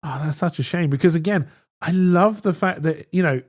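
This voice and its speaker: A podcast co-host chats casually about a TV episode, his fairly high-pitched male voice moving at a moderate pace. He tells the story with enthusiasm and lots of animation.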